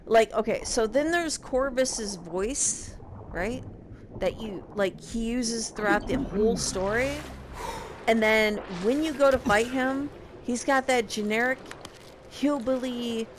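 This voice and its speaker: A woman's voice: fairly high pitch, a little slow, a little hiss or hum. A young woman casually recapping a game, sarcastic and profane in her exasperation. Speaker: game reviewer.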